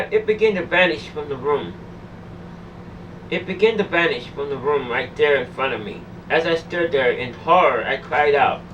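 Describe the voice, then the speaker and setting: A woman telling a harrowing personal story in the first person, in a halting way that keeps repeating and restarting phrases. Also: sits low, a bit bright. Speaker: storyteller recounting a personal ordeal. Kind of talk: emotional first-person testimony. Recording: dull distant recording with faint hum.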